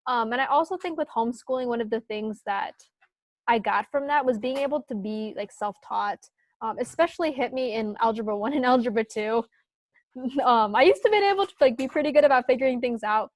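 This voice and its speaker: Young woman guest, higher voice, dry close sound, chatty and upbeat. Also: brisk, no room sound. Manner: chatty and upbeat, laughs often. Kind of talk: casual podcast interview.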